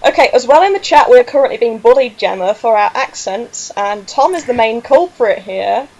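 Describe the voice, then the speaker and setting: A woman's voice: a little high, animated, moderate pace, a little mellow, a little hiss or hum, poor audio. A woman hosting a fan radio chat, giggly and mock-exasperated. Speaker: host. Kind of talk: casual chat.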